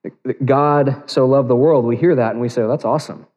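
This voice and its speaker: A man's voice: mid-range voice, steady tone, fairly quick, darkish tone. A man preaching a sermon as pastor, earnest and building to emphatic peaks. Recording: long reverb of a large hall.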